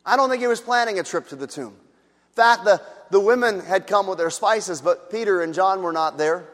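A man preaching a sermon as pastor, moving between hushed tender passages and loud, shouted ones. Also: sits high, fairly quick. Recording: long reverb of a church hall.

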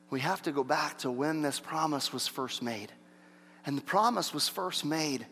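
A man preaching a sermon as pastor, swinging from emphatic, rising repetition to quieter, intimate explanation. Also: on the high side, big-room sound.

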